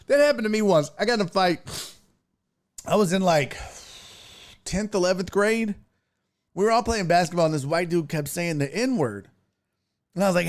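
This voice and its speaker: A young adult man hosting a live stream, telling stories in an animated, profane way and acting out the people in them. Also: high voice, a little fast. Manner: animated storytelling with profanity and acted-out voices. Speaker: streaming show host. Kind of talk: casual live-stream chat.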